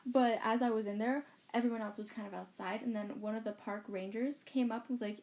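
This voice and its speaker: A woman with a fairly high voice chats loosely as a podcast co-host. She tells a story in a rambling way, with lots of fillers and quoted lines. She is recorded in a bedroom. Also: steady tone, brisk, hardly any pauses, a little mellow. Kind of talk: casual chat, storytelling.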